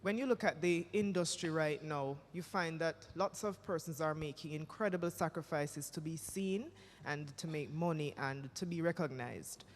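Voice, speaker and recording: A moderator at a symposium asking long, measured questions. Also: medium pitch. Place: symposium hall. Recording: reverberant hall with faint noise.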